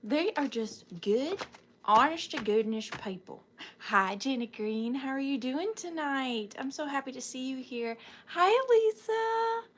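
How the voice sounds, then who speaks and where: A woman's voice: sits high, fairly bright tone. A sleepy woman with a Southern US accent hosting a live sale stream, chatting casually and greeting viewers by name, sometimes dropping to a whisper.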